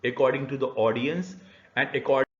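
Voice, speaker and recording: A male university lecturer explains the topic in a halting way, pausing often on "uh". His voice is middle-pitched. The room echoes, and the sound is slightly dull. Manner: hesitant, many "uh" fillers, explanatory. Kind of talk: recorded e-learning lecture.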